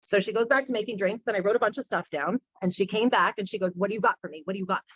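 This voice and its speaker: Woman, chatty storyteller, middle pitch, dry close sound. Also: racing, slightly rough, no echo. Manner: chatty, animated storyteller acting out quotes. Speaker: medium guest speaker. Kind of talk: casual storytelling talk. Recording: dull muffled sound, dry room.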